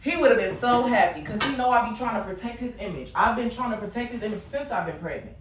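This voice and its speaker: A woman's voice: on the high side, quick pace, reverberant, background noise. Blunt, heated woman venting on a livestream. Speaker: livestream host.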